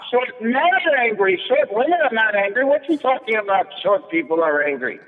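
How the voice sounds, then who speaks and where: A man voicing a loud, argumentative short woman waitress, in a shrill raised voice. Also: lively intonation, a little fast, natural voice. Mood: indignant. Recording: thin phone-like sound with echo.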